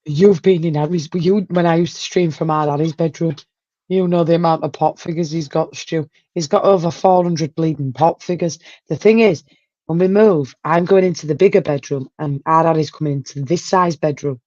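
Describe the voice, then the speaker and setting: A woman's voice: low voice, a little fast, warm tone, dry recording, dull audio. Chatty woman hosting. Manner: chatty, exclaims and laughs often. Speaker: livestream host. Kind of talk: casual chat.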